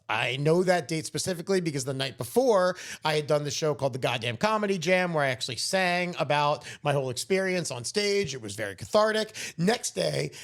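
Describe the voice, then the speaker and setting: A man in his thirties co-hosting a podcast, telling a story in casual chat, animated and swearing freely. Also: fairly high pitch. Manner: animated, swearing, acts out quoted voices. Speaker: podcast co-host.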